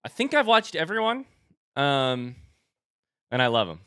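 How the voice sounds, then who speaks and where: Young male streamer, bright clear voice, dry close sound, casual chatty banter, a bit breathless. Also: fairly high pitch, sing-song, unhurried, dry recording. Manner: chatty, joking with chat. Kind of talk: casual live-stream chat.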